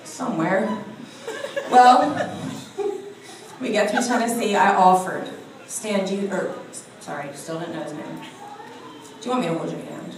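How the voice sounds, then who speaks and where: A woman's voice: mid-range voice, measured pace, long pauses, background noise. A woman telling a funny spiritual story, laughing often as she speaks. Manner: animated storytelling with frequent laughter. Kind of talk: humorous spiritual talk. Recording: echoey room heard from a distance.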